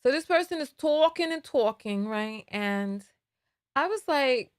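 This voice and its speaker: A woman's voice: high voice, animated, a little slow. A tired woman with a New York accent, hosting a frank, emphatic commentary monologue with frequent restarts. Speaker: host.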